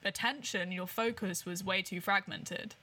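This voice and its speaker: Bright-voiced woman podcast host. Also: medium pitch, steady tone, unhurried. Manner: encouraging, sums up lessons from the guest's story. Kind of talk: casual podcast interview.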